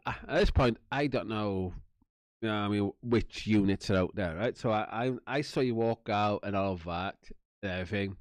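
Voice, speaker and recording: In a dry recording with no room sound, a man from Wales, a channel host, rambles through a long personal story at a moderate pace. His voice runs low, and he swears often, laughs, and acts out others' lines.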